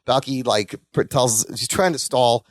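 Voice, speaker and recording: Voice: medium pitch, unhurried, no room sound. A podcast co-host recapping a sitcom episode, acting out the characters' lines and laughing along. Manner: lively, acts out the characters' lines while laughing.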